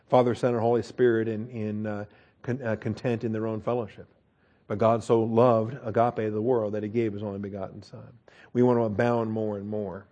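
An American man teaching the Bible verse by verse keeps things informal, frequently starting his sentences over and asking "okay?" along the way. His pitch is middling and his tone leans dark.

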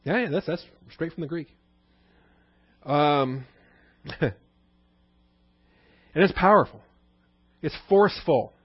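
A man's voice: a little high, slow pace, pauses often, husky, no room sound. Man teaching a Bible study. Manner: conversational, asks the listeners questions. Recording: dull dry recording.

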